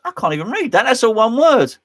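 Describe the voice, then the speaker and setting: A man's voice: very high voice, sing-song, fairly quick, a bit bright. A man hosting a casual live stream from his home man cave, rambling and joking as he reads out chat comments. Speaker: host.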